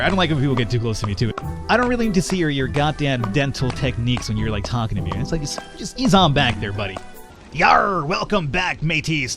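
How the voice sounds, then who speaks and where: A man hosting a casual let's play, chatting and joking as he plays. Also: mid-range voice. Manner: chatty, jokey, animated. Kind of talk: casual gameplay commentary.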